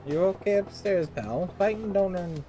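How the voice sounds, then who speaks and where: A man reading as a cocky ex-gangster who runs a nightclub. He talks brash and streetwise, louder than the narrator. Game music plays behind him. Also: high voice, moderate pace, pitched above the performer's own voice, natural voice.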